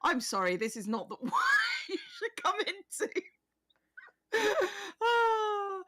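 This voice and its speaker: A woman's voice: very high voice, big pitch swings, slow, bright, forceful tone. A woman co-streaming, teasing and laughing often in casual chat.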